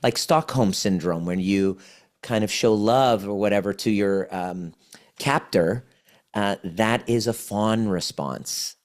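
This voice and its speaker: A man's voice: lowish voice, takes it slowly. A man in his forties, a guest on a podcast interview, explaining things earnestly and often restarting his phrases. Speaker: podcast guest, trauma healing coach.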